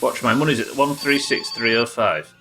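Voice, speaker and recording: A man's voice: mid-range voice, moderate pace, poor audio. A man streaming a game live, chatting, joking and reading out viewer comments. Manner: chatty, reads chat aloud, jokey. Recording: game music behind.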